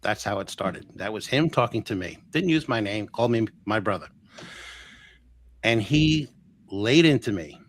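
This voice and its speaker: Male guest, storyteller, animated, slips into quoted voices, ums and restarts. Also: on the low side, normal speed. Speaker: guest healer. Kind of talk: storytelling in a live interview.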